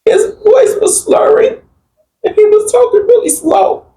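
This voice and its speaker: A woman's voice: very high-pitched, a little slow, mellow, rough recording. A woman guest earnestly recounting a personal grief story in a plain-spoken group conversation. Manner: earnest, plain-spoken, quotes family members while recounting.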